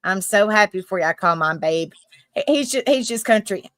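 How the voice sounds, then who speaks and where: A woman in her thirties with a Southern US accent, hosting a casual live chat stream, talkative, apologetic and quick to laugh, a little troubled by allergies. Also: medium pitch, expressive, a bit bright, no echo, studio quality. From South Carolina and Tennessee, US. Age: 30s. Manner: chatty, apologetic, laughs often. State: coughing from allergies. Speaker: livestream host.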